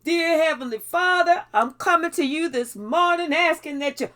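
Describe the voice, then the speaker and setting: A woman's voice: extremely high pitch, normal speed, fairly bright tone, slight background noise, pitched above the performer's own voice. A woman voicing a desperate person praying for rescue, pleading frantically.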